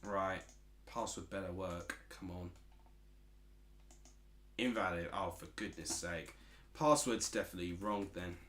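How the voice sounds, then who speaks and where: A man's voice: low voice, measured pace, pauses often, fairly bright tone, roomy sound. A man from Essex with an Essex accent, chatting casually as a streamer while watching football and reading out chat messages. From Essex, England.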